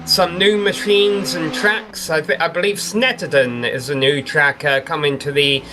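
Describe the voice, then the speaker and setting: A man's voice: on the high side, normal speed, soft background music. A man from England, commentating a sim race in a chatty, informative way. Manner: chatty, informative, builds up excitement at race start. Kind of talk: sim racing play-by-play commentary.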